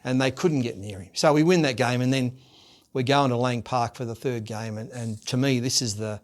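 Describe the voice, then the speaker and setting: A middle-aged Australian man in a sit-down podcast interview, telling stories with gusto. He bursts into loud put-on voices for the people he quotes, then drops back to an easy, ordinary conversational tone. His voice sits at an everyday medium pitch. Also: brisk. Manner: lively anecdotes, acts out quoted voices loudly. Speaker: guest, former rugby league captain and coach. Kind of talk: animated storytelling in a podcast interview.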